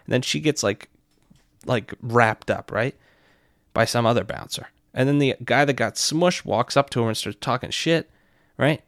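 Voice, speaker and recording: A young man telling a night-out story in a profane, excitable way, constantly checking in with his listener. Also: medium pitch, dry recording, clean studio sound. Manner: profane, excitable, keeps asking "right?". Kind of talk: casual anecdote.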